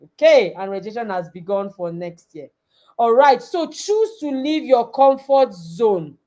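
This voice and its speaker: A woman's voice: on the high side, big pitch swings, measured pace, dark tone. A woman giving an emphatic motivational talk as a coach to an online audience of girls, repeating her key phrases. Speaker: coach and summit speaker.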